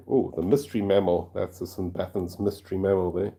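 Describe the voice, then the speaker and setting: Brief: South African man, low and warm, casual livestream chat, quick to laugh. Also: fairly even intonation. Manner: chatty, easily delighted, laughs often. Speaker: fossil collector and channel host.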